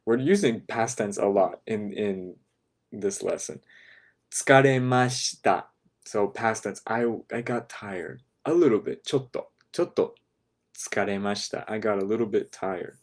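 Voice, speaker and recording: A man teaching a class, patiently breaking phrases down step by step and checking in with "right?", sometimes dropping to a soft, quiet voice. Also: on the low side, moderate pace. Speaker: language teacher. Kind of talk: explaining a lesson to a class.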